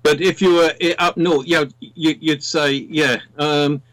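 An English man with a southern English accent talks easily in a casual radio chat. His voice sits a little high for a man, and the sound is dry and close to the mic. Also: steady tone, a little slow, a bit bright, no room sound, rough recording. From England. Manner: chatty, slips into other accents.

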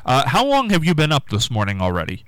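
A man's voice: mid-range voice, huge pitch swings, fast, a bit bright, smooth, dry recording, low-quality recording. A man hosting a radio interview, upbeat and chatty, laughing along with his guest. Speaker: radio host.

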